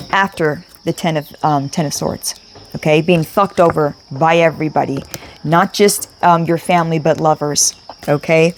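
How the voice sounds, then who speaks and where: A woman's voice: low-pitched, a little hiss or hum. A woman giving an emotional spiritual tarot reading, speaking emphatically, repeating herself and swearing casually. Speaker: tarot reader.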